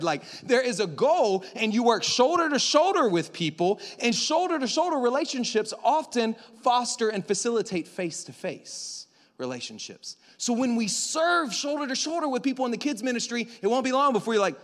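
Man, pastor, sermon, high voice, long hall reverb, joking, conversational. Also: moderate pace. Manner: animated, conversational, jokes and acts out voices.

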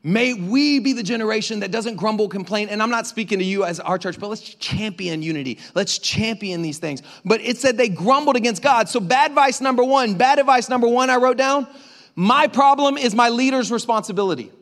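A male pastor preaching a sermon in an energetic, conversational way, calling out to the congregation. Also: high-pitched, brisk, few pauses. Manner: energetic, conversational preaching with crowd call-outs. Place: church auditorium. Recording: preached in a reverberant hall.

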